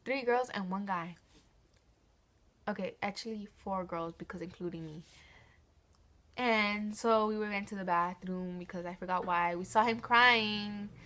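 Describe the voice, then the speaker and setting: A woman's voice: mid-range voice, a little slow, bright, forceful tone. A teenage girl telling a story to camera in a casual, rambling way, often restarting sentences and giggling as she goes. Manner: giggly, laughs mid-sentence. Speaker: vlogger.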